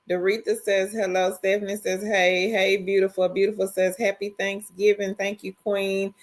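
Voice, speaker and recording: A middle-aged woman, hosting a casual livestream and greeting viewers one by one as she reads their comments aloud. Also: mid-range voice. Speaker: livestream host.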